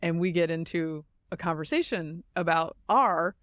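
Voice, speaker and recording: A woman in her forties hosting a podcast, telling a story in an animated way and laughing often. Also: lowish voice, moderate pace, no echo, clean studio sound. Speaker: podcast host. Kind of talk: casual chat.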